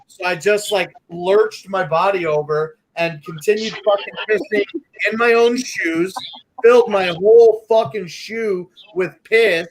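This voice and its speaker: A man's voice: high-pitched, a little slow, poor audio. A young man co-hosting a podcast, telling crude stories in a profane, rambling way. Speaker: podcast co-host. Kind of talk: casual chat.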